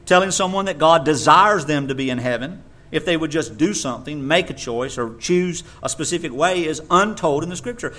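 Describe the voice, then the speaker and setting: A man preaching a sermon in an animated way, sometimes mocking others in a high voice. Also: brisk, hardly any pauses.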